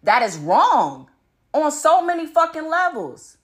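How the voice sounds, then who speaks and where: Animated, profane woman ranting on her podcast. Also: a little slow. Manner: blunt and profane, swinging between loud emphasis and low muttering; laughs between points. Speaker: podcast host. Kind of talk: casual solo podcast rant.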